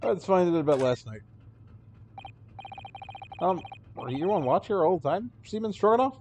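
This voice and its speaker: Brief: a man reading a game on stream, lively pitch, steady noise underneath. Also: moderate pace, pauses often. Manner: animated, self-deprecating. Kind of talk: reading a game aloud, casual commentary.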